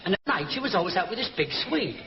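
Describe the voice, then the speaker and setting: An actor playing a cheeky young Northern English lad with a Northern English accent, telling a mocking story in a vintage broadcast sitcom. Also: male voice, high-pitched, sing-song, fast. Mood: teasing. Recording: noisy dull archive audio.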